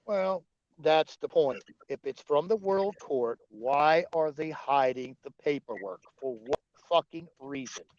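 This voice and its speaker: A man's voice: fairly high pitch, measured pace, darkish tone, no room sound. A man ranting angrily on a livestream, cursing often and arguing with his chat. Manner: profane, angry, argumentative. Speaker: livestream host. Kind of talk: heated livestream rant. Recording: dull, dry lo-fi stream audio.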